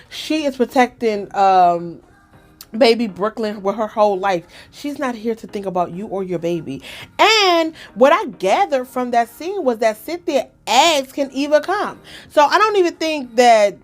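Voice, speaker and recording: Woman podcast host gossiping about a reality show, lively, soft music behind. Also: mid-range voice. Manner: chatty, animated, acts out quotes. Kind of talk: casual reality TV recap.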